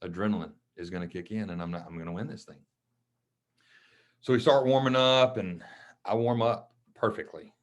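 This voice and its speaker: Brief: man, a coach and podcast guest, fairly low voice, casual, emotional storyteller who acts out other people's lines. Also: normal speed, highs cut off. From Mississippi.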